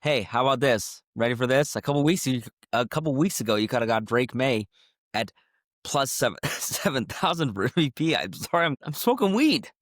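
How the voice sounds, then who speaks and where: A man's voice: medium pitch, fairly quick, no room sound, clean studio sound. A man co-hosting a sports podcast in casual chat, joking and laughing often while sick with a cough. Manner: excitable, jokey, laughs often. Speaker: podcast co-host.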